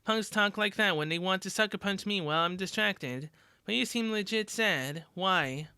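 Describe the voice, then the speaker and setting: A blunt, tough-talking teenage girl fighter, voiced by a woman in a story game reading. Her voice is bright and smooth, recorded close and dry. She swears casually and says things straight. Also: medium pitch, moderate pace, dry recording. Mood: earnest.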